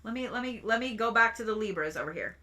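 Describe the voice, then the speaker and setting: A woman's voice: a little high, animated, fast talker, pushed and bright, slight background noise. A woman giving casual zodiac card readings on a livestream, chatty and playful, swearing and giggling as she goes. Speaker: reiki practitioner and tarot reader.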